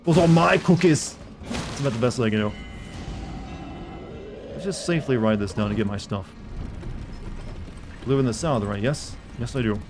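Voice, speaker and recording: A man's voice: fairly low pitch, moderate pace, pauses often, a little mellow, faint music behind. A man casually commenting on his gameplay live, rambling and correcting himself as he chats with viewers. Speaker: game streamer.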